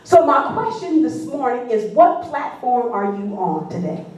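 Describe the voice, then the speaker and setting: Woman pastor preaching, higher voice, echoey hall, mic set far off. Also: very animated, normal speed, darkish tone. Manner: preaching with call and response, rising fervor. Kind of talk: sermon. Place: church sanctuary.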